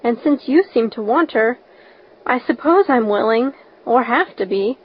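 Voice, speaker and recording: A woman's voice: on the high side, animated, husky. Woman playing a stern, practical older woman. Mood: dry resolve. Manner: brisk, clipped, scolding. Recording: dull lo-fi recording.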